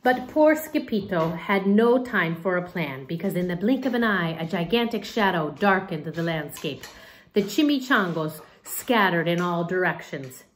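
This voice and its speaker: A teacher reading a picture book aloud at home, expressive, stopping to explain words. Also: female voice, lowish voice, moderate pace, a little hiss or hum.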